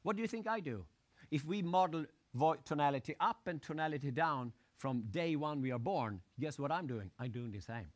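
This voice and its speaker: A man giving a live motivational seminar talk, animated, acting out crowd shouts and putting questions to his audience. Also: fairly high pitch, moderate pace. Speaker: motivational speaker.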